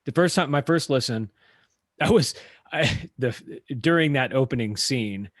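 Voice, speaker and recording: A man co-hosting a podcast, chatting casually about a book, animated and laughing easily, with frequent swearing. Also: medium pitch, measured pace, no echo, clean studio sound. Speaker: podcast co-host.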